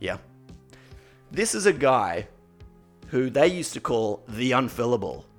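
A man hosting a casual podcast, telling stories in an animated way and acting out what people said. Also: medium pitch, measured pace, faint music behind. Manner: animated storyteller, acts out quotes. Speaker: podcast host.

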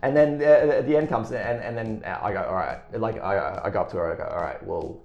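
A man's voice: on the low side, fairly quick, creaky, a little mellow, echoey room, muffled recording. A man in his thirties telling a story in casual chat, rambling and self-deprecating, with lots of restarts and swearing. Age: 30s.

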